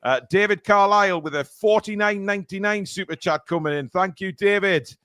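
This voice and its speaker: A man's voice: high-pitched, brisk, fairly bright tone, clean tone, no echo, clean studio sound. A man hosting a casual live stream, reading out donations with lots of fillers. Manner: rambling, many fillers. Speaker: stream host reading super chats.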